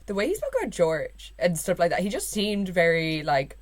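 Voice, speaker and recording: A woman's voice: lowish voice, big pitch swings, normal speed. A young woman with an Irish accent co-hosting a podcast, talking casually with lots of fillers and quoted asides. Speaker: podcast co-host. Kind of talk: casual chat.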